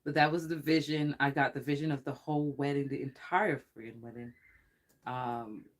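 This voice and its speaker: A psychic tarot reader giving a casual livestream reading, rambling and excitable, often laughing and swearing. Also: medium pitch, normal speed.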